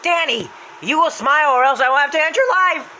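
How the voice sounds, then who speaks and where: A man's voice: expressive, sharp tone, a little hiss or hum, heavily acted, poor audio. A man putting on a sing-song killer apple mascot. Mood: angry. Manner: high sing-song drawn-out threats. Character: menacing cheerful apple mascot killer, male.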